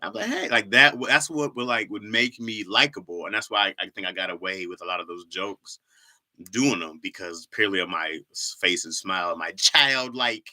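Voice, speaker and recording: A man's voice: deep voice, moderate pace, bright, forceful tone. A young man from Michigan hosting a casual livestream, reading viewer comments in loose slang and laughing often. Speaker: livestream host.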